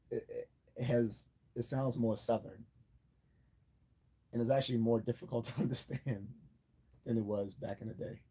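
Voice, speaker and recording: A livestream host speaks in a mellow, slightly rough voice of medium pitch. He rambles casually, full of fillers, restarts and little chuckles.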